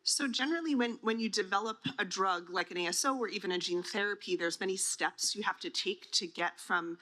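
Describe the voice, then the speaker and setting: A woman's voice: mid-range voice, brisk, bright, forceful tone. A woman on a conference panel, explaining drug trials to families in a plain, teacherly way, asking and answering her own questions.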